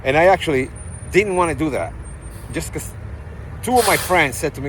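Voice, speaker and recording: A man from Puerto Rico with a Puerto Rican accent, vlogging to his phone in a parking lot in a rambling, animated way, full of asides. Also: on the high side, brisk. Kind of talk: casual vlog talk. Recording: faint outdoor traffic noise.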